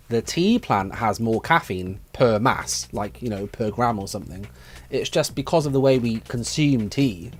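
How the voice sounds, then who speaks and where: A chatty young man hosts a relaxed live stream from his room at home. He reads viewers' messages aloud and muses about them in an easygoing way. Faint music plays quietly behind his voice. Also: mid-range voice. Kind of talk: casual live stream chat reading comments.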